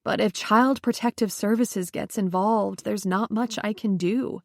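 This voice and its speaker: Brief: a gentle, uneasy social worker friend, voiced by a woman reader, quiet and dry. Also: medium pitch, fairly even intonation, a little slow, vocal fry, no room sound. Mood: placating. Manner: soft, hedging and placating.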